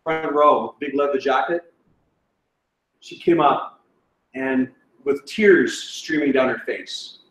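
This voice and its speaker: Speaking slowly in a medium-pitched, fairly bright voice, this Canadian guest speaker weaves stories into his sermon and pokes fun at himself, chuckling along. The distant mic catches an echoey church auditorium and slight background noise.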